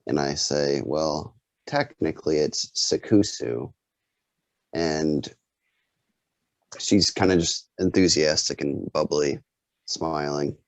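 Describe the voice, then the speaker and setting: A man's voice: very deep voice, fairly even intonation, takes it slowly, dry recording. A man casually recounting a story in a loose way with fillers, over dry, dull video call audio. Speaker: group member telling a dream.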